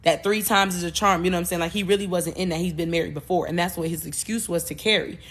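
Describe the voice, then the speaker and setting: A woman hosting a podcast, retelling a movie plot in a loose, animated way, with cursing and frequent self-corrections. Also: on the low side, quick pace. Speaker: podcast host.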